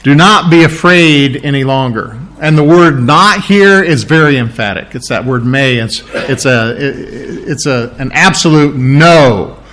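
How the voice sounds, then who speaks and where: A man preaching a verse-by-verse Bible teaching sermon, thoughtful, often stopping to correct himself and clearing his throat. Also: medium pitch, a little slow, hardly any pauses, fairly bright tone. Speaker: pastor.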